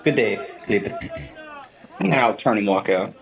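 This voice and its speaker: A man's voice: lowish voice, unhurried, a faint crowd. A man taking part as a player, talking in character in a polite, formal way. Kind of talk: in-character tabletop play.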